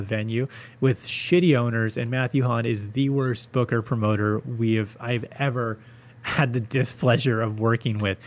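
Male comic host, solo podcast rant, foul-mouthed and sarcastic, mid-range voice. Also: mid-range voice. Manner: profane, sarcastic ranting.

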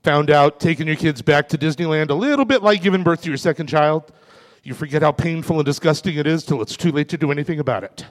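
A man in his forties doing a stand-up comedy set on a club stage, delivering self-mocking punchlines in a deadpan way. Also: on the high side, fast talker. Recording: reverberant club room.

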